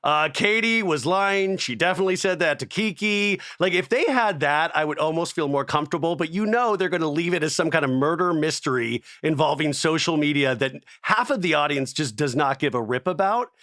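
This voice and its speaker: A man's voice: on the high side, fairly quick, few pauses, no echo. Enthusiastic man guest, dry close sound. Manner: animated, laughing, enthusiastic. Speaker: podcast guest, host of another show. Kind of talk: casual podcast chat.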